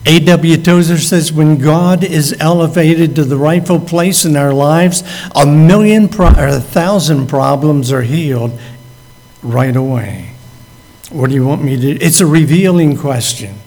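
Slow, gravelly pastor in a reverberant hall. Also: male voice, fairly high pitch, a little mellow. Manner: acts out the quoted speakers as he tells the story. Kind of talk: sermon.

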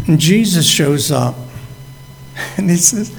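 A man's voice: mid-range voice, lively intonation, slow, vocal fry. A man preaching a sermon, acting out the figures in the story as he tells it. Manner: acts out the quoted speakers as he tells the story. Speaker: pastor. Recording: long hall reverb.

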